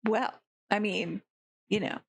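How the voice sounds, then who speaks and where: A woman's voice: mid-range voice, takes it slowly, vocal fry, breathy edge. A woman streamer giving casual, gushing commentary to her chat while playing a game. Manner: gushing, excitable asides to chat.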